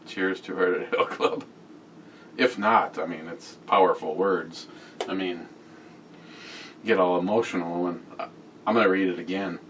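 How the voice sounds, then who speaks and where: A man's voice: sits low, fairly even intonation, normal speed, fairly bright tone, far from the mic, slight background noise. A man on a casual beer-review vlog reads out viewer comments with crude, joking humor and a lot of swearing.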